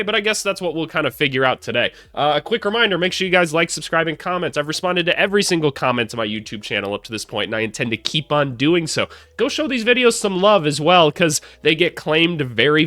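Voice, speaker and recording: Upbeat young guy doing a hoops scouting vlog, slightly high voice, super dry close sound. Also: sharp tone, dry recording. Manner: upbeat, chatty, self-deprecating. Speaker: basketball analyst and former college coach. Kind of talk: casual scouting breakdown.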